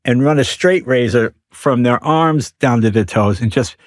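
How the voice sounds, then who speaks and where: A man's voice: mid-range voice, moderate pace, no room sound, studio quality. A man, telling stories in a casual chat and acting out the people in them. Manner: animated storyteller who acts out quotes, bursting into shouted impressions. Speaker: guest comedian.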